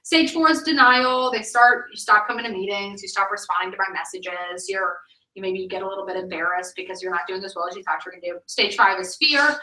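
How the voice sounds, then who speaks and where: A woman's voice: mid-range voice, a little fast, bright, forceful tone. A woman in her thirties, a sales director, giving an emphatic, chatty training talk full of "like.". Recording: echoey room, mic at a distance.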